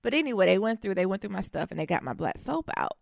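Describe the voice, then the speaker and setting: Animated woman ranting. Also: mid-range voice, fast talker, gravelly, no room sound, studio quality. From Detroit. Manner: indignant, profane, animated storyteller. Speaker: podcast co-host. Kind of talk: casual storytelling chat.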